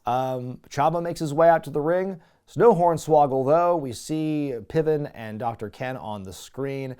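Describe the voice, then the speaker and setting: A man's voice: fairly high pitch, unhurried, dark tone, smooth. A man hosting a casual wrestling review show, recapping matches with wry, chuckling asides. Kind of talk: casual commentary.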